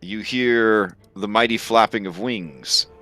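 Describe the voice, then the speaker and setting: A man narrating as game master of a tabletop game, with a relaxed, hesitant delivery full of fillers. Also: fairly low pitch, takes it slowly. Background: faint music.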